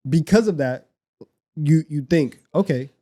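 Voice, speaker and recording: Animated young man chatting sports. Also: fairly high pitch, a little slow. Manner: animated, repeats and restarts phrases. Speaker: podcast co-host. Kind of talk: casual sports chat.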